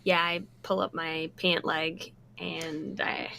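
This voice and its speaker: A woman's voice: low voice, level tone, takes it slowly, gravelly, pushed and bright, a little hiss or hum. A woman playing a tabletop game, answering in short, matter-of-fact replies. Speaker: player. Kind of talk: casual tabletop play.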